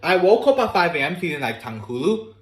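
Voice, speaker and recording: A man's voice: on the high side, very animated, fairly quick, slightly rough. A young man narrating his own cooking videos in a casual, playful way, cracking self-mocking jokes as he goes.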